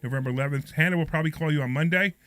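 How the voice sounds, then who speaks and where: A man hosting a live call-in radio show, joking and chatting quickly with callers. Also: a little high, a bit bright, no room sound.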